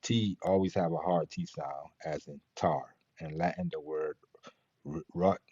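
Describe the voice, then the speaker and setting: A very low, husky man teaches Latin pronunciation at an unhurried, deliberate pace, breaking words into sounds. His voice is dark and mellow, and the recording sounds dull and lo-fi. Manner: slow, patient, spells out sounds. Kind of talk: pronunciation lesson.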